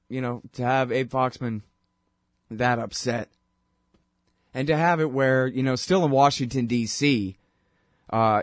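A man's voice: medium pitch, no room sound, studio quality. Rambling male political talk host. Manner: rambling and conversational, mocking voices when quoting. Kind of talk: casual political commentary.

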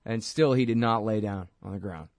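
A man's voice: fairly low pitch, moderate pace, dry recording. A man hosting a video commentary, talking in a casual, conversational way with fillers. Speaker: host.

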